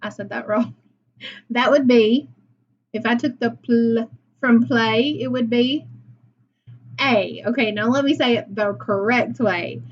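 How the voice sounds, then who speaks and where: Woman teacher, phonics lesson, slow and patient, higher voice, dull slightly noisy recording. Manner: slow, patient, praising, sounds words out. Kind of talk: phonics lesson for young children.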